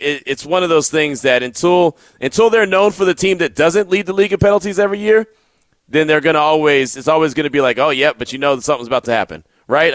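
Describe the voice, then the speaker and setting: High-voiced man hosting sports radio. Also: no room sound. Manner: animated storytelling, repeats words. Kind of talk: sports talk radio chat.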